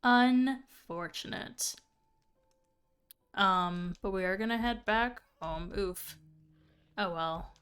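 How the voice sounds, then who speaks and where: Young woman, relaxed gameplay streamer, unhurried chatter over faint music. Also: medium pitch, clean tone. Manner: chatty, thinking aloud with fillers. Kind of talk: casual gameplay commentary.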